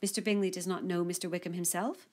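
A woman reading as a sharp-witted young woman. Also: on the low side, steady tone, fast talker, natural voice. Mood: spirited. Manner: pointed and articulate. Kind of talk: audiobook character reading.

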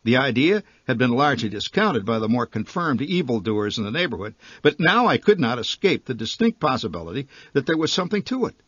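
A man tells his own comic story with a wry, vivid delivery. His voice is a bit husky and recorded close and dry. The old archival sound is dull and muffled. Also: mid-range voice, very animated, a little fast, hardly any pauses, fairly bright tone, dry recording. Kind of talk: reading his own humorous short story.

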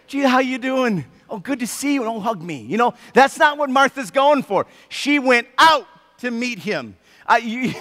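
A pastor delivers his sermon in a high, bright voice. He tells the story with animated energy and acts out the people in it. His voice rings with long reverb in a church hall. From United States. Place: church sanctuary.

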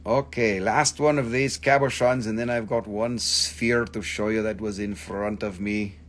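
A man's voice: fairly low pitch, steady tone, unhurried, a little hiss or hum. A man hosting a casual live stream where he sells rocks and crystals, joking, rambling, and swearing freely. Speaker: crystal shop host.

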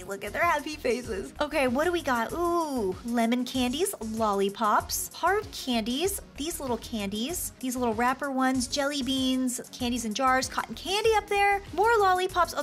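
A young woman hosting a gaming video, excitable and gushing as she plays. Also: high voice. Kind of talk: gaming commentary. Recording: game music behind voice.

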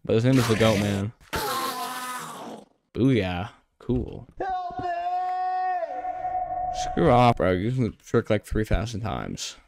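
Heavy background noise surrounds this low-leaning, expressive male voice. He's a young YouTuber doing a relaxed let's-play of a horror game, slangy and talkative, addressing the monsters directly and letting out yelps as he hurries along whenever he gets spooked.

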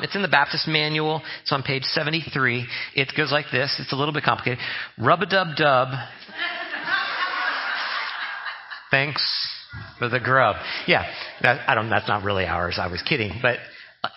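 A man's voice: medium pitch, husky, muffled recording. A man preaching a humorous, conversational sermon as a pastor, often mimicking the way people pray. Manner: joking, conversational, mimics prayer voices. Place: church sanctuary.

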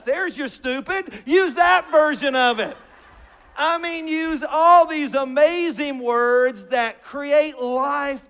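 A man's voice: very high voice, a bit bright. A man preaching a sermon to his congregation, joking and asking rhetorical questions. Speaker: pastor. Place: church sanctuary.

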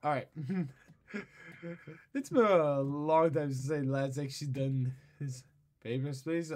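A man's voice: fairly high pitch, takes it slowly, a little mellow. Laid-back man chatting over gameplay. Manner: laughs often, swears casually. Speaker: gamer. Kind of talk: casual gameplay commentary.

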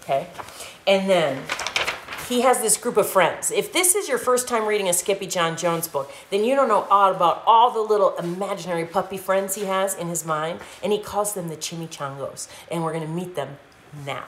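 A woman's voice: mid-range voice, moderate pace. A woman hosting a live storytime, reading a children's picture book aloud playfully and stopping to explain words for the kids. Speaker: storytime host. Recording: echoey room, faint noise.

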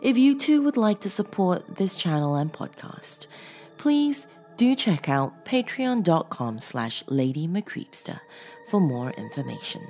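A woman with a low, gravelly voice narrates a horror story, slow and dramatic, her pitch swinging widely for effect. Faint music plays beneath her words. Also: big pitch swings, a little mellow.

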